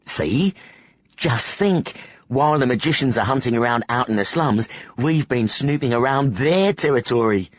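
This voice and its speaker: A man's voice: medium pitch, animated, normal speed, no room sound, dull audio, pitched above the performer's own voice, close to an everyday voice. A man reading aloud and voicing an eager, mischievous young boy who leads a girl around in secret.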